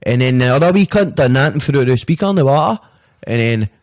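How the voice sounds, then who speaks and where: A man's voice: medium pitch, animated, fast, darkish tone. A man with a Glaswegian Scottish accent, a podcast guest telling a story in a rambling, slangy way full of swearing and fillers. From Scotland, Glasgow. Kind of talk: casual storytelling chat.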